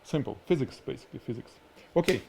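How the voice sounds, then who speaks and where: A man with a heavy Russian accent teaches lighting on a live show. His pitch sits right in the middle for a man. He talks in a lively, hands-on way and works through a demonstration as he goes. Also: fast, vocal fry, a little hiss or hum. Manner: animated, explains by demonstrating, laughs at himself. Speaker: photography instructor. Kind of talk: live-stream photography lesson.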